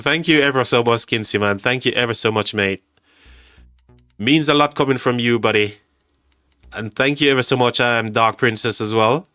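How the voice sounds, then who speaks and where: A man hosting a live game stream, chatting with viewers in an excitable, stammering way and thanking them often. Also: mid-range voice, dry recording. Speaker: game livestream host.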